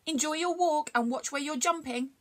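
A woman's voice: high-pitched, normal speed, pitched above the performer's own voice, close to an everyday voice. Woman voicing a giggly talkative cat. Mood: chatty. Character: chatty playful young male cat.

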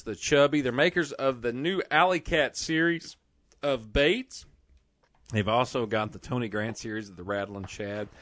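A man's voice: medium pitch, a bit bright, dry recording, clean studio sound. Rambling, joking man hosting a podcast. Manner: joking, rambling, many "uh" fillers. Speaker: podcast host. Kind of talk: casual podcast chat with ad reads.

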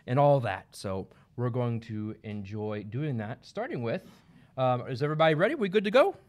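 An upbeat male host walks through a countdown of top-selling games on a livestream. His pitch swings widely and he cracks small jokes between entries. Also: very animated, moderate pace, a little mellow. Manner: upbeat and joking. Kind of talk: livestream product rundown.

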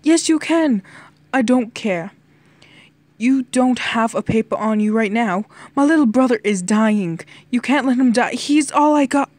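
A woman reads as a frantic young man, a personified nation, his words catching in stutters as he pleads through tears. The voice sits in an ordinary middle pitch. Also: fairly even intonation, unhurried, mellow, dry recording, close to an everyday voice. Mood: frantic pleading.

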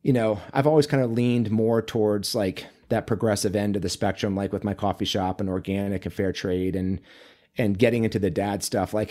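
A man, a men's coach and author, talking as a podcast guest in a relaxed, chatty way, full of fillers and storytelling. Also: on the low side, moderate pace. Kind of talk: casual interview conversation.

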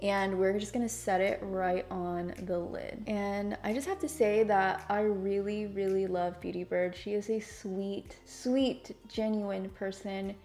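Young woman vlogger, excitable and chatty, mid-range voice, casual tutorial delivery. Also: mid-range voice, measured pace, few pauses, faint music behind. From Hispanic background, speaks without Spanish accent. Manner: bubbly, enthusiastic, chatty. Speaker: beauty YouTuber. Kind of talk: makeup tutorial talk.

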